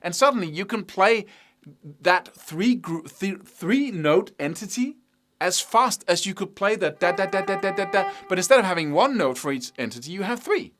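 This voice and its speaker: A man in middle age gives a casual guitar lesson in a slightly higher voice than most men. He talks bluntly and with emphasis, humming note patterns as he explains. Faint guitar music plays behind him. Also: very animated, normal speed, a bit bright. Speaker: guitar teacher.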